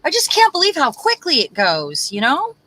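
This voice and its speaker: Over background noise, a high-pitched woman speaking at normal speed co-hosts a craft livestream. She chats in an animated, rambling way while she works.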